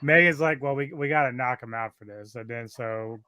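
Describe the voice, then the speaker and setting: A man's voice: mid-range voice, a little fast, bright, forceful tone. A man, a podcast guest, chattily recapping film scenes in casual, profane talk. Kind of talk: casual movie discussion.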